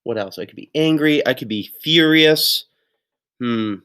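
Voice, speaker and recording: A man's voice: on the high side, a little slow, a bit bright, clean tone. Upbeat man teaching young kids. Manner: upbeat, encouraging, with playful exclamations. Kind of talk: recorded lesson for young children.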